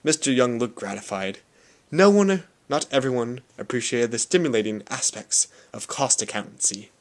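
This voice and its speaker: Young guy reading a book out loud, really lively up-and-down voice. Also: medium pitch, normal speed. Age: young adult. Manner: expressive, animated storytelling. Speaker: audiobook reader. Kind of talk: reading a novel aloud.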